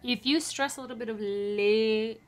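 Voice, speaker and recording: A woman voice teacher giving a masterclass, coaching a singer in an encouraging, lively way and demonstrating French phrases aloud. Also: a little high, moderate pace.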